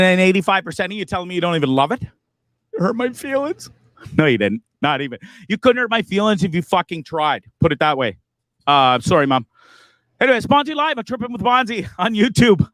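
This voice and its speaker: A man's voice: high voice, animated, fast, a bit bright, dry recording. A man hosting his livestream in a casual, profane, joking, rambling way. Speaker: livestream host.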